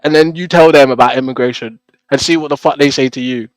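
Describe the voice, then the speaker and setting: A man's voice: medium pitch, fairly even intonation, quick pace. A young man on a live stream, chatting casually to his viewers. He laughs often, swears, and keeps tagging his points with "right?". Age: young adult.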